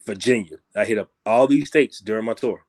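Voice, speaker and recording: Interviewed casually as a visiting musician, this man talks at a fairly quick clip and keeps saying "you know what I'm saying" as he rambles. When driving a point home, his voice gets livelier and rises in pitch.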